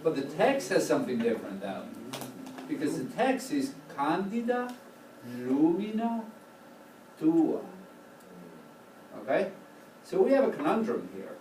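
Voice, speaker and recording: A man's voice: fairly high pitch, very animated, unhurried, long pauses, a little mellow. Man, choral conducting teacher, patient explanations, sung examples, noisy rehearsal room. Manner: patient, explains then sings short demonstrations. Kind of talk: classroom instruction. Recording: echoey, distant, noisy room recording.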